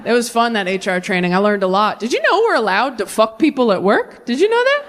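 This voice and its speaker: A young woman doing stand-up comedy on stage, chatting with the crowd and veering into quick asides. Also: mid-range voice. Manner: animated, tangent-prone, quick asides to the crowd.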